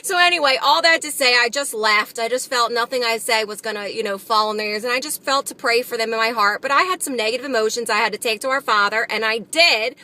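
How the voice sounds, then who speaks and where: A woman's voice: on the high side, fast talker, hardly any pauses, pushed and bright. A woman recording a devotional vlog from her car, talking in an earnest, encouraging way with lots of "just" and "you know.". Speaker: Christian vlogger. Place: in a car while driving. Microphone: phone camera.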